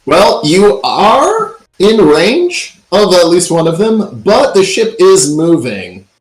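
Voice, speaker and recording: Male game master, fairly high voice, roomy echoey sound, easygoing narration. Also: big pitch swings, takes it slowly. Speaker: dungeon master.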